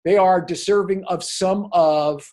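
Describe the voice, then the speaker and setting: An older man from New Jersey co-hosting a casual talk show, animated and rambling, often tagging his points with "okay?". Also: high voice, a little slow. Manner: animated, digressive, tags remarks with "okay?". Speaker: podcast co-host. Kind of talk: casual chat.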